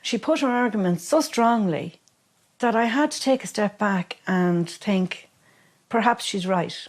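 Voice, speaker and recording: A woman's voice: mid-range voice, lively intonation, unhurried, a little mellow. A woman, a mother, speaking candidly and reflectively in a documentary interview.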